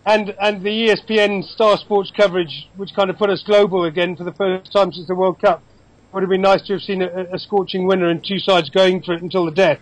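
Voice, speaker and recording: A man in his fifties from England, chatting about football over a video call, opinionated and quick with asides. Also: high-pitched, fairly even intonation, dry recording, rough recording. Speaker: football commentator guest.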